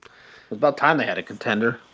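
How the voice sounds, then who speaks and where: A man's voice: mid-range voice, animated, a little fast, pushed and bright, low-quality recording. A man co-hosting a casual podcast, easygoing, with brief wry remarks. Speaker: podcast co-host. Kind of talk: casual chat.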